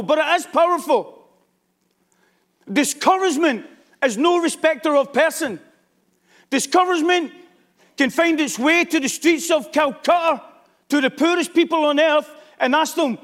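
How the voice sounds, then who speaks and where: Very high-voiced man preaching emphatically. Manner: emphatic, rising to shouts. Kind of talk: sermon.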